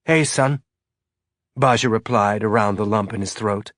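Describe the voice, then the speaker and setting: In clean studio audio without any echo, a man reads an audiobook aloud. His voice sits lowish, and his storytelling stays steady and measured.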